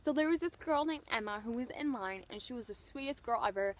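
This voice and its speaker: A young woman vlogger gushing through an excited storytime, full of "like" and retold quotes. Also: fairly high pitch, a little fast, a little hiss or hum. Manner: gushing, breathless retelling full of "like".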